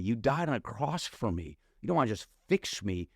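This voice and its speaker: A middle-aged male pastor telling his life story in a casual, animated way, acting out his younger self with slang. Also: mid-range voice, fairly quick, dry recording, studio quality. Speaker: pastor and podcast guest. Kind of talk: personal testimony in casual conversation. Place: podcast studio.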